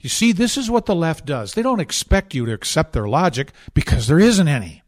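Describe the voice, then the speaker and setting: A man's voice: a little high, big pitch swings, brisk. Indignant, sarcastic male commentator. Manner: sarcastic, indignant, with emphatic repetition. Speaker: talk show host. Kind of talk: opinionated political commentary.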